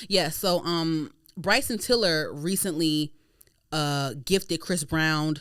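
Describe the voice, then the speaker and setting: A woman hosting a podcast in casual chat, animated and slangy, swearing freely. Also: low-pitched, slow pace, clean tone, dry recording, clean studio sound. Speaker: podcast host.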